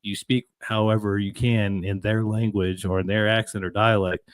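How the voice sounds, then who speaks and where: Guy with a lowish voice chatting on a podcast, super dry close sound, tells stories. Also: moderate pace, dry recording. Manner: conversational, animated retelling of stories with acted quotes. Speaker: podcast co-host. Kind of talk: casual podcast chat.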